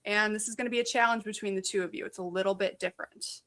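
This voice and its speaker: A woman's voice: mid-range voice, steady tone, fast, fairly bright tone. A woman co-hosting a podcast in casual chat, cheerfully running a game for the guests. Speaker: podcast co-host.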